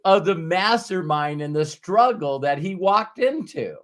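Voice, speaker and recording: A man's voice: high voice, a little slow. A middle-aged man hosting a podcast, telling a story in casual conversation and acting out the voices of the people in it. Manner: animated storyteller who acts out quoted voices and swears casually. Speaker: podcast host.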